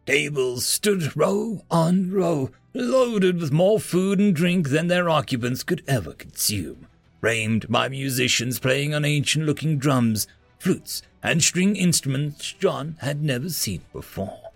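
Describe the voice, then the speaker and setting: A man narrating science fiction and fantasy stories in an expressive reading. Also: fairly high pitch, slow, no room sound, faint music behind. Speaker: story narrator. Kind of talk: scripted story narration.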